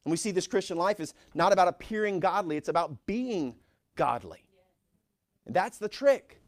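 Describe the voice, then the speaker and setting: Animated preaching pastor, middle-aged man. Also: high voice, normal speed. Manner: animated preaching, reads scripture aloud with rising force. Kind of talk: sermon.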